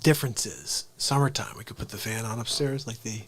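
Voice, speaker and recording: A man's voice: lowish voice, steady tone, fast, over music. A man hosting a casual comedy livestream, playful and rambling as he chats. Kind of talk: casual live-stream chat.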